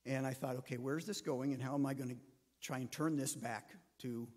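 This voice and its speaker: A man's voice: medium pitch, fairly even intonation, brisk, husky, long reverb tail. A man, a pastor, preaching a sermon and telling a story, acting out the voices of the people in it. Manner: storytelling, acts out quoted voices.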